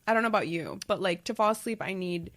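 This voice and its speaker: A woman guest on a podcast talks in a mid-pitched voice, candid and playfully dramatic, and makes her feelings sound bigger for effect. Her tone stays easy and conversational throughout. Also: animated, quick pace, fairly bright tone. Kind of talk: casual chat.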